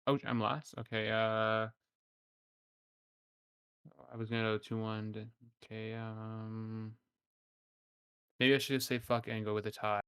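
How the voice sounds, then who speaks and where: A man's voice: lowish voice, little pitch movement, a little slow, long pauses, fairly bright tone, clear, resonant tone, no echo. A man in a casual chat over an online call, hesitant and second-guessing his own picks. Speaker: co-host.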